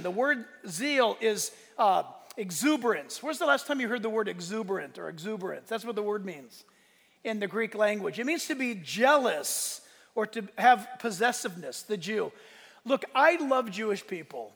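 A pastor preaching a sermon in a church, swinging between quiet asides and loud emphatic lines, with a congregation listening. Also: male voice, sits high, expressive, moderate pace, gravelly. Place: church sanctuary. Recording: echoey church hall with congregation.

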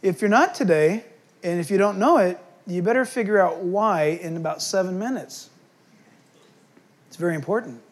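A man preaching a sermon as pastor, swinging between loud emphatic bursts and quiet, hushed asides. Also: high-pitched, normal speed.

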